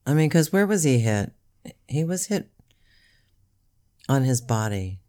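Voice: mid-range voice, sing-song, a little slow, darkish tone. A podcast co-host chatting casually, teasing with a dry, sarcastic edge. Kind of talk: casual chat.

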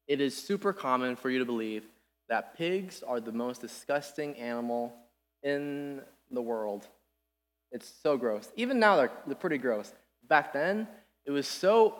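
A young man giving an earnest, casual sermon, animated and full of restarts. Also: mid-range voice. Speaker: preacher. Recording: long reverb in a hall.

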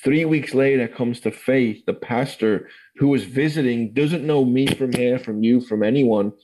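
A man's voice: medium pitch, unhurried, mellow, rough recording. An English man in his forties, telling his life story in a rambling, casual way full of fillers. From England. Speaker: guest. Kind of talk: casual testimony interview.

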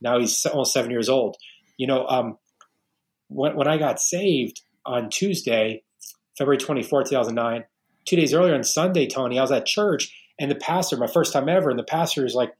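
A man's voice: medium pitch, a little fast. Male guest, forties, from New York, earnest storyteller, casual. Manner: earnest storytelling, many restarts. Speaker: podcast guest, realtor. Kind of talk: casual interview talk.

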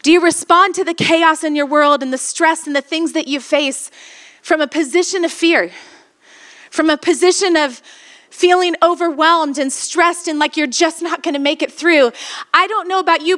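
A woman's voice: sits high, moderate pace, a bit bright. A woman pastor preaching a sermon, retelling a scripture story and asking the congregation rhetorical questions.

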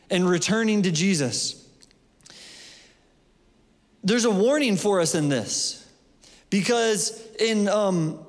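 High-voiced man preaching in a reverberant hall. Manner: passionate, conversational preaching with jokes. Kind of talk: sermon.

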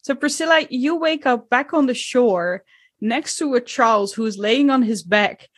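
A woman's voice: a little high, expressive, breathy edge, no echo. Woman game master, dry sound. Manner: unhurried, descriptive, with hesitations. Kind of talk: narrating a tabletop game.

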